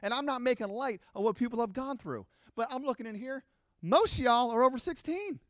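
A middle-aged man preaching a sermon to his congregation, animated and acting out the voices of his listeners. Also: extremely high pitch, fairly quick, dry recording, studio quality. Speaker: pastor.

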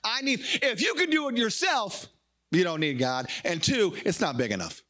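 A man preaching a sermon, animated and acting out little dialogues as he goes. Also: high-pitched, moderate pace. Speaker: pastor.

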